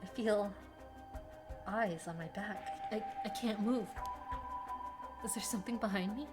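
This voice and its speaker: A woman streaming a horror game, reading the dialogue aloud and reacting dramatically. She swings between hushed whispers and sudden yelps. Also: mid-range voice, normal speed, long pauses, soft background music.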